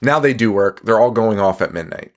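A man's voice: on the low side, expressive, brisk. Guy on a podcast going over a movie, laughs a lot, curses constantly, totally casual. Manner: swears a lot, laughs often, rambling. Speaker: podcast host. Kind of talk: casual movie recap chat.

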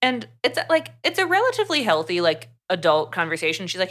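A young woman co-hosting a podcast, casually retelling a book's plot in an animated way, full of "like". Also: lowish voice, quick pace, few pauses. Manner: chatty, animated retelling with lots of "like". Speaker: podcast co-host. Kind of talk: casual book review chat.

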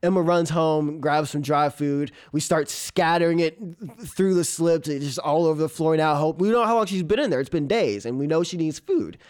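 A male comedian telling a true story on stage with plenty of energy. His voice sits somewhat high for a man, and he breaks into laughter as he goes and slips into squeaky meows to play the cat. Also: moderate pace, hardly any pauses. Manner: animated, laughing through the telling, mimics a cat's meows. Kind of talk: live storytelling.

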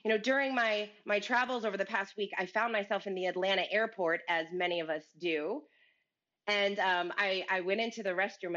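A woman's voice: medium pitch, fairly bright tone. Woman guest on a podcast, earnest leadership talk, kinda muffled lo-fi audio.

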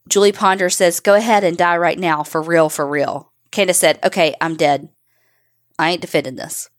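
Blunt, swearing woman telling a true story. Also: lowish voice. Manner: blunt, swearing, reads quotes aloud. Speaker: podcast co-host telling a true crime story. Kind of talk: casual storytelling from a transcript.

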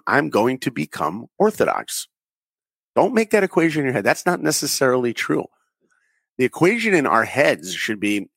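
A man's voice: medium pitch, a bit bright, dry recording. A man in his forties, a guest animator and director, talking earnestly in a podcast interview and telling stories with acted-out quotes. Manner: earnest storyteller, acts out quoted voices.

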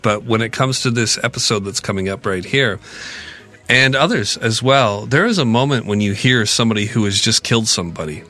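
A man co-hosting a podcast who speaks earnestly and reflectively, often pausing and restarting his sentences. His voice sits low but has a bright, forward tone. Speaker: podcast co-host. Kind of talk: casual podcast chat.

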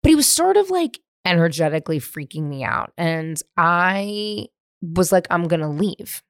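A woman's voice: fairly low pitch, moderate pace, clear, resonant tone, dry recording, clean studio sound. A woman in her thirties from San Francisco, hosting a solo podcast and telling a story from her teens at home, profane and rambling with lots of "like.". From San Francisco, USA. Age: 30s. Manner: profane, animated, rambling with many "like" fillers. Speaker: podcast host. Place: at home in the living room.

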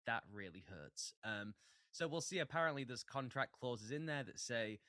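A man's voice: mid-range voice, sharp tone, dry recording, studio quality. A man co-hosting a sports podcast, chatting casually and breaking down contracts analytically. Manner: quick, analytical. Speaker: podcast co-host. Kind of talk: casual chat.

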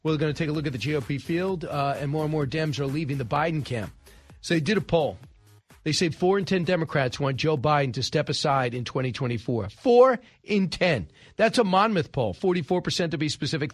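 Opinionated male talk radio host, fairly high voice, dry studio sound, sarcastic and brisk. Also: no room sound, faint music behind. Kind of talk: political talk radio commentary.

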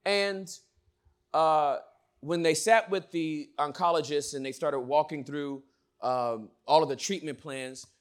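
A male pastor preaching a sermon, swinging from loud shouts to hushed words. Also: fairly high pitch, fairly even intonation, measured pace, clean tone.

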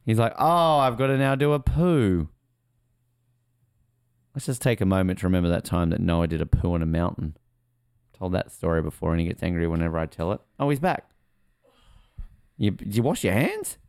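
A man's voice: sits low, expressive, fairly quick, vocal fry, darkish tone, no echo, studio quality. A young man, co-hosting a casual movie commentary and rambling chattily with lots of ums and likes. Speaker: podcast co-host.

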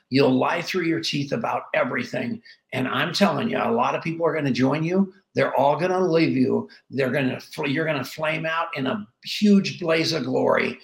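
Gravelly middle-aged man telling stories. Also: medium pitch. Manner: animated, acts out dialogue with quick voice shifts. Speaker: podcast guest. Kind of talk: storytelling in an interview. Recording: roomy echo.

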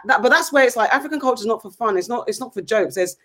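A woman in a casual group chat, impassioned and halting, often restarting her sentences. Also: a little high, expressive, fairly bright tone. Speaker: podcast co-host.

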